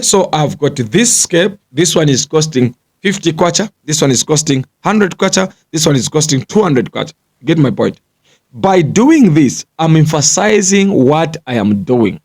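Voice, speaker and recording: A man's voice: on the high side, a little mellow. Man giving a lecturing business pep talk. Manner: lecturing, repeats points, checks in with "you get the point?". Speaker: business coach. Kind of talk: motivational business talk to camera.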